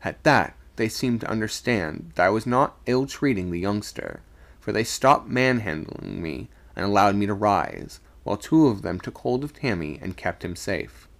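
Low gravelly guy reading a spooky story on stream, gets loud for the yelling bits. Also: animated, normal speed. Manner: dramatic reading, raising voice for shouted dialogue.

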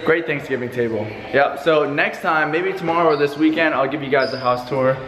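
A young man talking casually to his camera as a real estate agent, excited and rambling with restarts. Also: fairly high pitch, brisk, over music. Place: outdoors and in a car, then inside a house. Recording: noisy outdoor and car ambience. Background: air conditioning and traffic noise.

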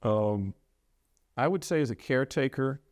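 A middle-aged man, a preacher, speaking earnestly about losing his wife, halting often and restarting his sentences. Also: medium pitch, lively intonation, no room sound, clean studio sound. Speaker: preacher sharing his loss. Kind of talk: reflective interview talk.

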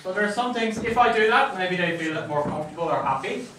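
Talking fast in a high, animated, fairly bright voice, this Irish lecturer keeps his classroom talk conversational and often asks students "right?" The recording is echoey, captured from a distance, with slight background noise.

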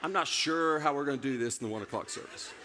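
A man's voice: medium pitch, fast, big-room sound, noisy background. A man preaching a sermon as pastor in a church, playful and teasing himself, repeating his phrases. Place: church sanctuary.

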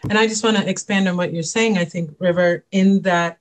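A woman panelist and consultant speaking in a measured, thoughtful way. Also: on the low side, steady tone. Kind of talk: panel discussion.

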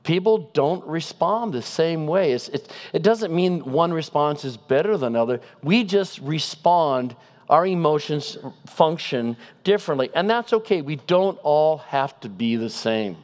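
A man giving a guest sermon in a conversational style, animated and asking the congregation rhetorical questions. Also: a little high, a little slow. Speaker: guest preacher.

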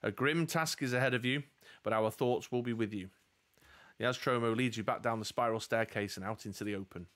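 Here a man narrates a fantasy gamebook live, acting as game master and talking fairly quickly in a mid-range voice. He keeps the story moving steadily while tossing in joking remarks.

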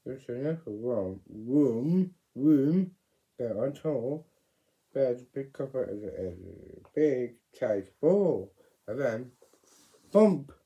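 A man reads a children's story aloud at an unhurried pace. His voice is mellow and dark, and his delivery is animated, with big leaps in pitch. He jumps from loud exclamations to hushed, whispered asides. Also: vocal fry, poor audio.

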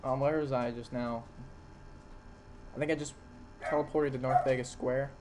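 In a very noisy home room with dogs, a young gameplay narrator talks over his recorded video game session at normal speed. His mid-range voice stays steady while he rambles casually in let's-play style, correcting himself along the way.

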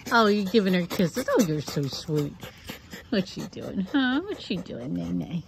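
A woman who runs a fox rescue, chatting casually to her foxes outdoors in cooing baby talk, with soft asides in between. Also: lowish voice, sing-song, a little slow, vocal fry, background noise. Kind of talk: casual vlog talking to pet foxes.

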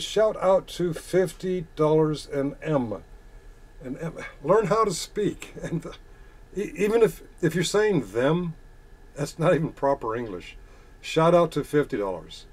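A man reading chat comments aloud and answering them in a sarcastic, combative, profane rant. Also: medium pitch. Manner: reads chat messages aloud and retorts. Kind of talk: casual ranting monologue.

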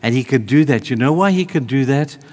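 A male preacher delivering a sermon, telling a story in an animated way, moving between hushed and raised delivery. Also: medium pitch, brisk, long reverb tail.

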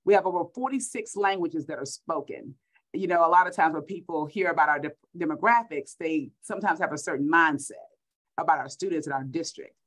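On a low-quality recording, a school superintendent from Texas, middle-aged and low-voiced with a Texan accent, delivers a cheerful keynote by video call, driving points home by repeating words.

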